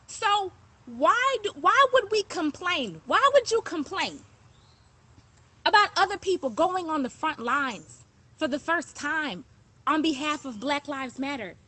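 A woman's voice: high-pitched, big pitch swings, unhurried, sharp tone. A woman hosting a show, talking to her listeners in a passionate, emphatic monologue and repeating phrases to drive her points home. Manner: conversational, thanks commenters mid-talk. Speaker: podcast host.

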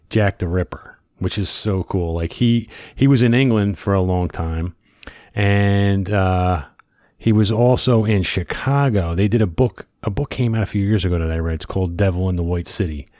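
A man tells stories in a casual chat. His voice sits fairly low. He acts out the quotes with bursts of energy, and the sound is dry and close. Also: unhurried, no echo. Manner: animated storyteller who acts out quotes loudly.

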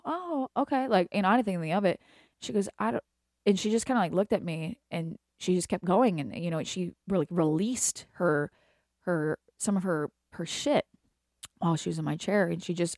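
A woman in her thirties talks on her own about her work as a hairstylist, blunt and profane, laughing as she goes. Her voice sits a little low and sounds close and dry, with no room around it. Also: quick pace, a little mellow, dry recording. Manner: profane, candid, laughs often. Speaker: hairstylist and salon owner. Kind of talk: casual monologue.

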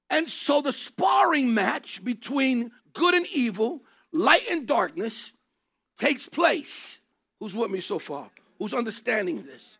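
Man, preacher, very high voice, husky, emphatic sermon, repeats phrases and shouts. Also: big pitch swings, takes it slowly.

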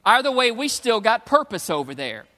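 A man's voice: very high voice, big pitch swings, moderate pace, sharp tone, in a large hall. A man preaching a sermon, retelling scripture in casual, slangy storytelling. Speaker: pastor.

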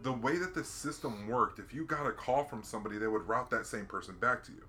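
A man's voice: medium pitch, fast talker. A man in casual podcast chat, telling stories animatedly and acting out the people in them. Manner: animated storyteller, acts out callers with a raised voice.

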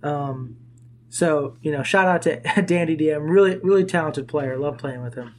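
A man hosting a podcast in relaxed chat, plugging sponsors and laughing along with his co-hosts. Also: on the high side, moderate pace, slight background noise. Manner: easygoing, reads sponsor plugs, laughs along. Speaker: podcast host. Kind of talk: casual chat.

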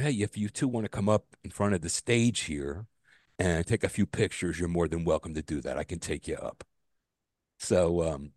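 A man co-hosting a casual podcast chat, telling stories with animation, his voice jumping high when he gets exasperated, and swearing freely. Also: darkish tone, no room sound, clean studio sound. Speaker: podcast co-host.

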